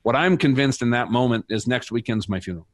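This middle-aged man, appearing as a guest, gives an earnest and reflective faith testimony in conversation. His mid-range voice moves at a quick pace, and there is no room sound.

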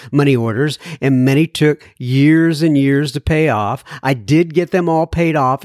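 A man's voice: medium pitch, darkish tone, no room sound, studio quality. A man hosting a podcast, reading listener letters aloud and adding rambling, jokey asides. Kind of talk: casual podcast chat.

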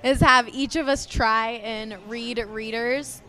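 A woman's voice: fairly high pitch, steady tone, slow pace, sharp tone. A young woman co-hosting a sports podcast in casual chat, laughing easily and running through news with some hesitations. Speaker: podcast co-host.

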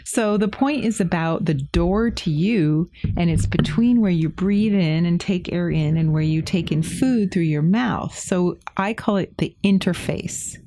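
A woman co-hosting a podcast, gently explaining a healing technique in casual chat and laughing easily. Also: mid-range voice. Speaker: acupressure practitioner, co-host.

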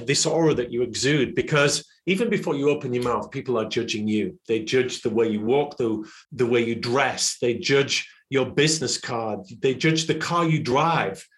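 A man's voice: mid-range voice, fairly bright tone. A middle-aged man hosting a podcast, giving a solo advice segment and building his points emphatically in lists. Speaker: podcast host.

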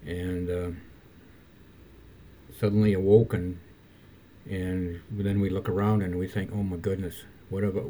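An older man who reads his own poems aloud and muses on them in a halting, self-correcting way. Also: low voice, warm tone, a little hiss or hum. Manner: halting, self-correcting, faith-focused musing. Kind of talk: reflective conversation and poetry reading.

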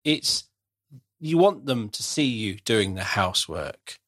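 A man's voice: on the low side, lively intonation, slow, a bit bright, no room sound, clean studio sound. A middle-aged man hosting a casual conversation, chatty and self-deprecating, often restarting his sentences.

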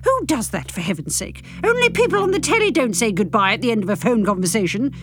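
A woman's voice: on the high side, big pitch swings, quick pace, fairly bright tone. A woman hosting a podcast who chats in a self-deprecating way and reads aloud from her own novel. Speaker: host, author reading her novel. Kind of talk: podcast chat and reading aloud.

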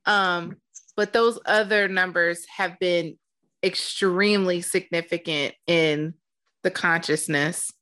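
Slow, unhurried woman host. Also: fairly low pitch, steady tone, pushed and bright. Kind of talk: casual interview.

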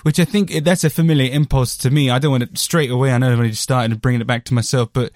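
A British podcast host reviewing albums talks through a casual music monologue, rambling, self-deprecating and full of fillers. His mid-range voice is steady, fast and a little mellow, captured as clean studio sound with no echo.

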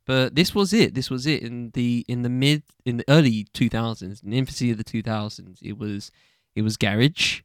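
A young British man hosts a casual solo podcast, rambling loosely with plenty of ums and casual swearing. His medium-pitched voice moves at a moderate pace with a clear, resonant tone. The sound is clean studio quality with no room sound.

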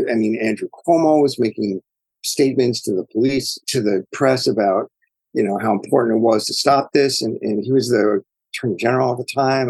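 A man's voice: on the low side, darkish tone, husky, no room sound, low-quality recording. A man answering interview questions as an author guest, speaking in a thoughtful, digressive storytelling way.

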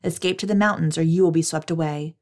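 Stern angels give brisk, urgent commands, as a woman reads them aloud. The voice stays lowish and close to a plain scripture reading. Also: steady tone, a little mellow.

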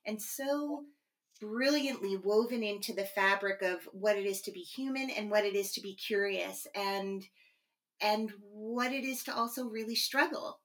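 A woman hosts an interview podcast. She heaps praise on her guest, with soft fillers as she goes. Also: mid-range voice. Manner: effusive, warm praise with fillers. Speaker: podcast host.

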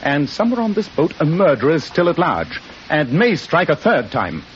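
A shrewd, unflappable detective in an old radio play, with a fairly high, lively voice that rises and falls as he lays out his reasoning. His talk is crisp and dryly ironic. The broadcast sounds muffled and carries a faint hiss. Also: moderate pace. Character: shrewd, cool-headed male detective. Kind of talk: 1940s radio acting.

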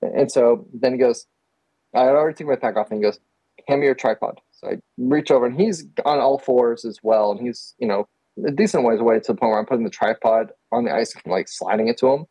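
A man from Texas shares an adventure as a podcast guest, chatty and animated, with lots of fillers. His voice is husky and warm. The sound is dry and close. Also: mid-range voice, fast, no echo, low-quality recording. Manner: animated, laughing, many fillers. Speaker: guest photographer. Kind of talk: casual storytelling.

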